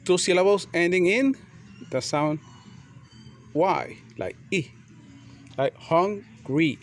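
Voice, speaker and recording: A man teaching a grammar lesson, repeating and spelling out words slowly and deliberately. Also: sits high, expressive, a little hiss or hum. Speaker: English teacher.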